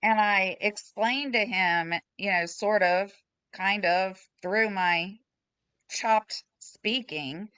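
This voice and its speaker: Slow, frank woman on a video call. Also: mid-range voice, sharp tone, clear, resonant tone, dry recording. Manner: frank, emotional storytelling, blunt and self-deprecating. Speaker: support group member. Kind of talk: candid personal sharing in a group chat. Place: at home. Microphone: computer mic on a video call. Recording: slightly dull video call audio.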